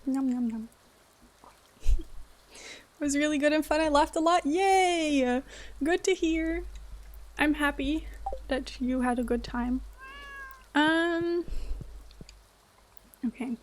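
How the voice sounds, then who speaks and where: A woman with a high voice chats with viewers while she plays a game. She talks slowly and laughs often in an easy, casual way. Faint noise sits under her voice. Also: steady tone. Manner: giggly, chatty, answering chat. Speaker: streamer. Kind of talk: casual gameplay chat.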